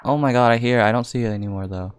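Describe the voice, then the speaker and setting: A man's voice: medium pitch, rapid-fire, clean tone. A young man narrating his own gameplay, thinking aloud, reacting often with exclamations and swearing. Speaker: gaming YouTuber. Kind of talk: live game commentary.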